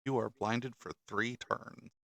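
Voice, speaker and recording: A man's voice: medium pitch, fairly even intonation, takes it slowly, sharp tone, no room sound. A man running a tabletop game as game master, laid-back and chuckling often.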